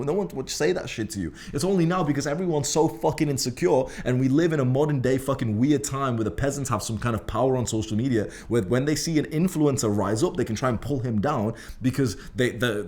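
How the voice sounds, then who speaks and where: A young Englishman with a Liverpool accent, his voice medium in pitch and somewhat dark, delivers a brash motivational monologue to the camera. He is a self-improvement creator who swears constantly and with emphasis.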